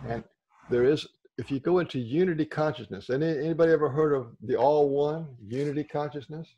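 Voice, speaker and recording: A man's voice: a little high, a little fast, mellow, muffled recording. A man speaking to a discussion group, explaining ideas and often checking in with listeners. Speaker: workshop speaker.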